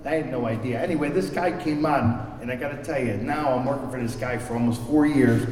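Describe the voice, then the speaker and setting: A man shares his personal story at a recovery meeting, speaking briskly in a mid-range voice with a darkish tone. He's candid and self-deprecating and often repeats words while searching for them. The audio comes from far off in an echoey hall, with slight background noise.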